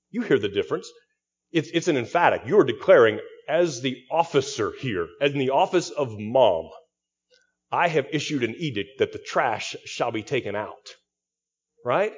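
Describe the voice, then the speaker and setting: A man's voice: medium pitch, big pitch swings, moderate pace, long pauses, breathy edge, lo-fi sound. A male pastor giving an expository sermon, teaching through a text with frequent restarts and repeated words.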